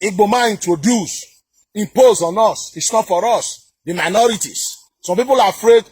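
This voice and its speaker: Heard with no room sound, a southern Nigerian man with a Nigerian accent speaks at normal speed in a high-pitched, husky voice with a darkish tone. Reacting to a video as a commentator, he rants heatedly and scornfully about politics, repeating himself and restarting often amid many fillers.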